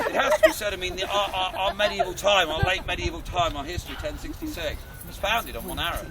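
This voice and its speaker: A man performing a loud, jokey live history show as a castle archer, teasing the audience. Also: sits high, wildly swooping pitch, fast, vocal fry. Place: outdoors at a castle. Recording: windy outdoor crowd noise. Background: crowd and wind.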